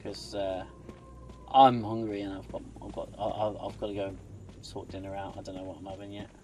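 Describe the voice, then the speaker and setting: A gaming channel host with a lowish, fairly flat, darkish voice mutters casual let's-play commentary a bit quickly as he plays. He throws in playful sing-song asides, with slight background noise behind him.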